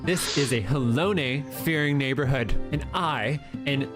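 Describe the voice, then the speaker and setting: A man's voice: medium pitch, lightly acted. A man voicing a self-righteous, nosy middle-aged woman neighbor in a comedy sketch over a game video, preachy and indignant. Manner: preachy, indignant, slow and drawn-out. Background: background music.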